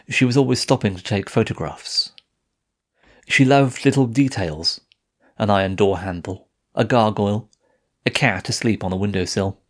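A man narrating a first-person audiobook in a measured, steady reading voice. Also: on the low side.

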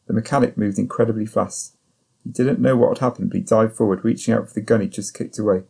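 A man reading a thriller audiobook in first person, at a steady, measured pace. His voice is low and gravelly, with a dark, slightly husky tone. The delivery stays even and controlled. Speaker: audiobook narrator. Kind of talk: scripted first-person narration.

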